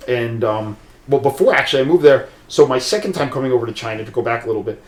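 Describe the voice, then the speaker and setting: A man speaks at an ordinary mid pitch, telling a long personal story in a loose, rambling way. He keeps restarting sentences and filling gaps with "like" and "um". The room rings with a noticeable echo. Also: lively intonation, fast. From USA. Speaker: podcast guest, martial arts practitioner. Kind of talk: casual storytelling conversation. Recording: roomy echo.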